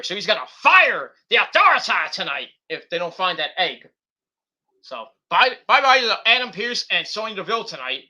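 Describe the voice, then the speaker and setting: Guy on a stream recapping wrestling, high sharp voice, lots of ums. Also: sing-song, moderate pace. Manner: rambling, lots of fillers and restarts. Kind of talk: casual recap of a wrestling show.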